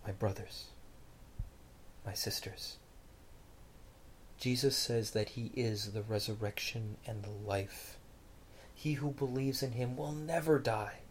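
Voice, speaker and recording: A preacher telling a story in a sermon, dramatic, dropping to a hush and then rising loud. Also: medium pitch, takes it slowly, pauses often, a little hiss or hum. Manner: dramatic storytelling, swinging between hushed and loud.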